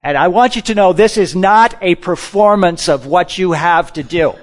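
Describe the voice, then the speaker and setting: During his sermon, the pastor moves back and forth between quiet, low pondering and emphatic lines spoken loudly and slowly. He leads his congregation in call-and-response as he goes.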